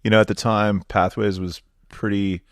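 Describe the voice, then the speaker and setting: A man in his forties speaks in a very low voice, recorded dry and close. He tells his story loosely and easily, with many fillers and restarts, like a podcast guest chatting with a friend. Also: normal speed, no echo. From Southern California. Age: 40s. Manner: relaxed storytelling, lots of fillers. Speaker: guest, nonprofit executive director. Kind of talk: podcast conversation.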